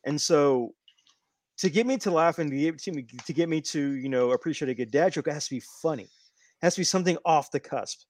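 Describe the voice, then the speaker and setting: A man's voice: a little high, quick pace, darkish tone. A man co-hosting a casual podcast, telling a long rambling story with many restarts. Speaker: podcast co-host. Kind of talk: casual wrestling podcast chat.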